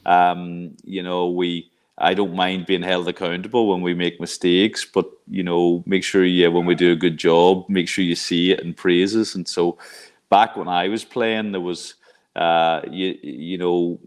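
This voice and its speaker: A man's voice: low-pitched, level tone, a little slow. A middle-aged man from Ireland, a college coach, talking things over reflectively with lots of fillers and restarts. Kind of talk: casual interview talk.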